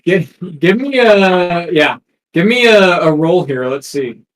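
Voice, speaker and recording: A man's voice: high-pitched, expressive, slow pace, low-quality recording. A man narrating a tabletop game as game master, hesitant and full of ums and restarts.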